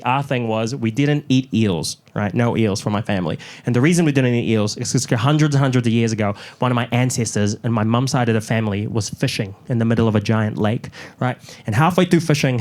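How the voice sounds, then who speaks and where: A young New Zealand man with a medium-pitched voice performs stand-up for a live audience. His storytelling is animated and lively, and he mocks up little voices along the way.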